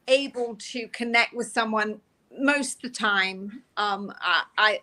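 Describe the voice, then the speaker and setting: A woman's voice: medium pitch, pushed and bright. A middle-aged woman from England, a police officer, chatting and laughing as she tells her stories in an interview. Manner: chatty, self-deprecating, laughs while telling stories. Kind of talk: casual interview storytelling.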